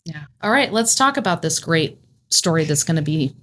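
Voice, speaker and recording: A woman's voice: deep voice, lively intonation, moderate pace, a bit bright, slight background noise. A woman from Ohio co-hosting a casual true crime podcast, rambling and joking with lots of likes. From Ohio, United States. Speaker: podcast co-host.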